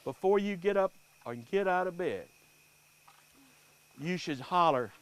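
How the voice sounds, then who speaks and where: A man telling folk tales and superstitions to a live audience in an unhurried, animated way. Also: high-pitched, clear, resonant tone. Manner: unhurried, animated, folksy delivery. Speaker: storyteller.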